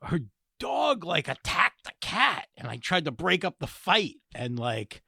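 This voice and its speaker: A man in his thirties, co-hosting a podcast, telling stories in a casual, joking way and breaking into loud impressions. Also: on the high side, measured pace, vocal fry, slightly rough, dry recording, studio quality. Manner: animated storyteller, bursts into shouted impressions. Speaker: podcast co-host. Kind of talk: casual comedic chat.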